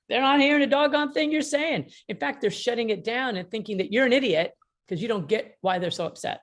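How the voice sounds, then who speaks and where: A woman's voice: on the high side, sing-song, fairly quick. A woman mediator and author on a video call, giving an emphatic, humorous talk and acting out bits of dialogue. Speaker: mediator and author being interviewed. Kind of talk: lively teaching talk with anecdotes.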